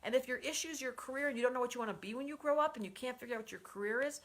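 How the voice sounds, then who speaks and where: A woman's voice: high voice, rapid-fire, a bit bright. A woman astrologer hosting a live stream from a phone held at arm's length, chatting effusively and reading out viewer comments by name. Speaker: astrologer host.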